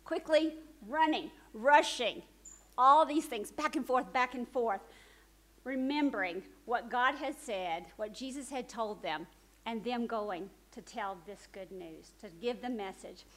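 A woman preacher retelling a story in a sermon, swinging from urgent, animated telling to hushed, soft emphasis. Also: a little high, unhurried, poor audio.

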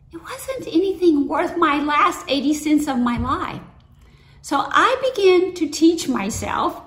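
A woman's voice: high voice, a bit bright. A woman giving a sermon in a conversational, storytelling way, with personal anecdotes. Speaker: preacher. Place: church sanctuary. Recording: roomy echo.

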